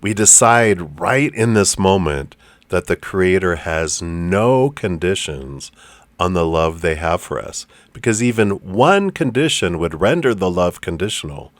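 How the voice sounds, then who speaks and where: Low male meditation guide, gentle and unhurried, dry recording. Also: animated, no room sound. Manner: loose, with fillers. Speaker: spiritual teacher.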